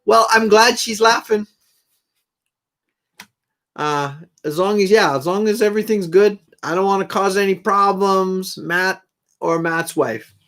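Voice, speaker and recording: Slow-talking, easygoing man chatting live. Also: sits high, a bit bright, faint music behind. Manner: rambling, folksy, easygoing. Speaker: live stream host and guitar player. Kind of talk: casual chat to live viewers between songs.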